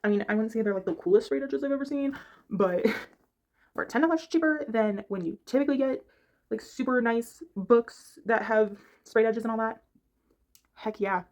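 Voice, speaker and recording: A woman's voice: on the high side, normal speed, darkish tone. A woman chatting casually about books from her bedroom, rambling and stopping to hunt for the right word. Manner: chatty, rambling, gropes for words. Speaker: book reviewer. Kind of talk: casual chat.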